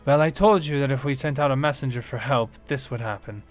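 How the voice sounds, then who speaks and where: Man voicing a fussy little woman gnome tinkerer, pitched way up, loud and fretful, tabletop game. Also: expressive, unhurried. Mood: exasperated. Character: fussy red-headed woman gnome scientist.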